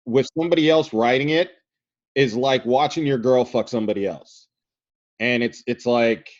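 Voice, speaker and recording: A man's voice: medium pitch, normal speed, highs cut off. A man guesting on a podcast, chatting loosely as a comics writer and editor with profane, laughing banter. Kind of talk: casual podcast chat.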